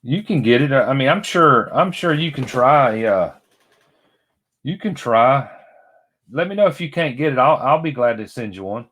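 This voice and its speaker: A man's voice: mid-range voice, lively intonation, moderate pace, fairly bright tone. A middle-aged man, chatting casually and rambling to viewers by name as he unboxes toys. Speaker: vlogger. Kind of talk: casual chat while unboxing.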